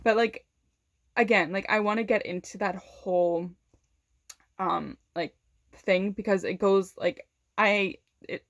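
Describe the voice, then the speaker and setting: A young woman tells a personal story to the camera in a casual, animated way, sprinkling in swear words and frequent "like"s. Her voice sits in a middle pitch, and the recording is close and dry, with no room sound. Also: slow pace, long pauses, dry recording. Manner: animated, swears often, laughs between lines; many fillers of "like". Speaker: vlogger.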